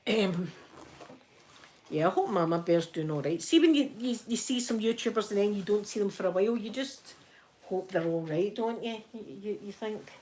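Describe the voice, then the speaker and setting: A woman's voice: medium pitch, a little mellow, slight background noise. A Scottish woman from Scotland hosting a casual ASMR live stream from home while ironing, chatty and often laughing as she talks to viewers. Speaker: ASMR livestream host.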